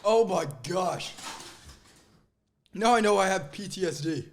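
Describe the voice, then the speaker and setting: A man's voice: high voice, a little slow, soft background music. A young man co-hosting a podcast, groaning and joking through a hot wing challenge. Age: young adult. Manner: groaning exclamations, joking complaints. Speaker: podcast co-host. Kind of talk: casual chat during a hot wing challenge.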